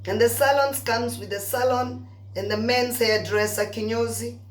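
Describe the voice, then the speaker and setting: A woman's voice: fairly high pitch, moderate pace. Chatty woman telling gossip. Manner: animated gossipy storytelling with asides to viewers. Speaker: vlogger. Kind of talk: chatty storytelling rant. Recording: roomy echo.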